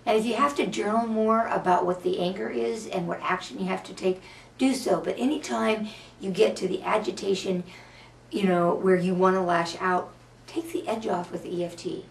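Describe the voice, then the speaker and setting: Woman counselor guiding tapping affirmations, slow and soothing, gravelly voice, echoey room, mic kinda far off. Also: mid-range voice, steady tone, a little hiss or hum. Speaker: EFT practitioner and counselor. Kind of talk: guided tapping meditation. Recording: roomy, from a distance.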